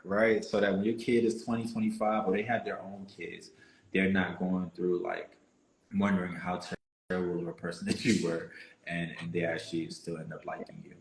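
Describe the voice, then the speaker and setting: A man hosting a casual interview over a video call, encouraging and rambling with many fillers. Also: sits low. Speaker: podcast host. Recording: roomy echo.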